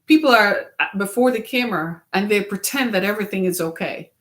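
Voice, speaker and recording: A woman's voice: medium pitch, lively intonation, a little fast, a bit bright. A middle-aged woman hosting a web series, giving an earnest, preacher-like motivational talk and asking the listener questions.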